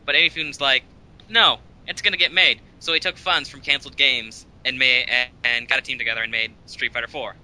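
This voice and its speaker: Bright-voiced chatty American man. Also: medium pitch, fairly even intonation, brisk, rough recording. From United States. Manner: chatty, laughs often, trails off mid-sentence. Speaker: podcast co-host. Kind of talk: casual gaming chat.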